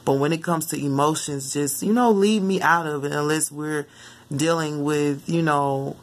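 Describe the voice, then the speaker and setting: A mother telling the story of a dream in casual, rambling vlog talk, often jumping into lively quoted asides. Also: low-pitched, normal speed. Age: adult mother. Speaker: spiritual vlogger.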